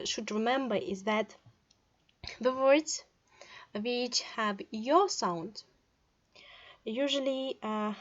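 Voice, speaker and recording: A woman's voice: fairly high pitch, dull audio. A young woman from Russia with a Russian accent, teaching a language lesson in English, reading words aloud one by one with short glosses and hesitant fillers. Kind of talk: slow online language lesson.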